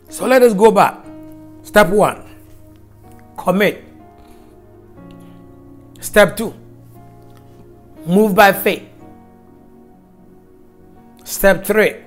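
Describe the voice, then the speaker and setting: A preacher speaks in a deliberate, unhurried rhythm, driving each point home by repeating it. The voice sits at an ordinary middle pitch. Soft music plays faintly underneath. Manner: slow, emphatic, repeats key phrases. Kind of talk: broadcast sermon and prayer.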